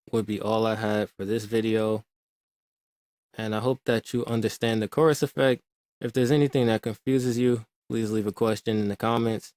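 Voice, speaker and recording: A man explaining music production in a calm, measured tutorial voice. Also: fairly low pitch, dry recording. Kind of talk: screen-recorded tutorial.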